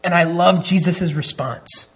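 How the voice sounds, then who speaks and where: Man preaching, thirties, husky voice, earnest, emphatic, restarts phrases. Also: on the high side, measured pace, a bit bright. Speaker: pastor. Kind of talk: sermon.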